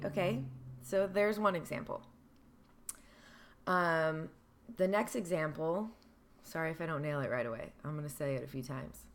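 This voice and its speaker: A young woman vlogging to camera in a casual, earnest way, mixing emphatic bursts with slow, careful phrasing and the odd swear. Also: deep voice.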